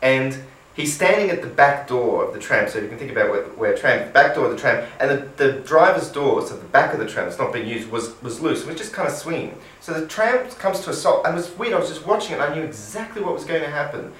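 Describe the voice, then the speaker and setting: An Australian man tells a story in a bright, forward voice, drifting off into casual swearing. He sounds a little distant, and the room echoes around him. His pitch sits in the middle range. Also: expressive, fast. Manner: rambling storyteller, swears casually, acts out the people he quotes. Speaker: co-host. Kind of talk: casual chat.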